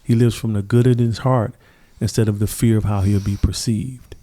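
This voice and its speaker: A man's voice: on the low side, steady tone, moderate pace, dark tone. A middle-aged man, a podcast guest, telling stories earnestly and reflectively, acting out the people he quotes. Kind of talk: conversational interview storytelling.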